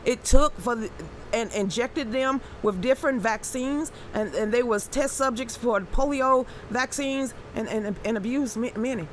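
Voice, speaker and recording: An excitable woman runs a casual live stream, reading viewer comments aloud. Her voice sits fairly high, and she stumbles through restarts before bursting into exclamations. A faint background hum sits under her talk. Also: unhurried.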